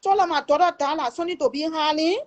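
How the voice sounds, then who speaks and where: A woman's voice: high voice, quick pace. A middle-aged woman with a Liberian English accent, telling a painful family story in an emphatic, pleading way and swearing before God that it is true. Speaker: livestream storyteller. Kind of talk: emotional personal testimony.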